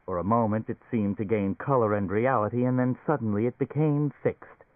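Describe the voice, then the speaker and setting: A man narrates an audiobook in a measured, steady way. His voice sits on the low side. The sound is dry and narrow, like it comes over a phone. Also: no room sound.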